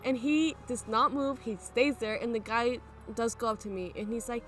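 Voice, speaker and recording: A young woman co-hosting a podcast, telling a story in a hesitant, low-key way full of fillers, recorded outdoors at night. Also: moderate pace, hardly any pauses, faint music behind. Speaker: podcast co-host. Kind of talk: casual storytelling chat. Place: outdoors at an abandoned aqueduct at night.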